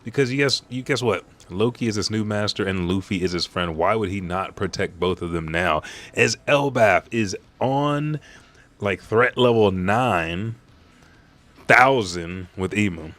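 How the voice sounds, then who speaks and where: A man with a lowish voice reads a manga chapter aloud on a live stream. He talks in an excitable, profane way and slips into quick character voices as he goes.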